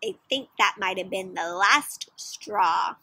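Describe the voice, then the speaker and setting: A young adult woman reading a picture book aloud to children in an animated way, gasping and asking them questions. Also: medium pitch, slow pace, slightly rough, no room sound. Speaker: children's storyteller. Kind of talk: interactive read-aloud for kids.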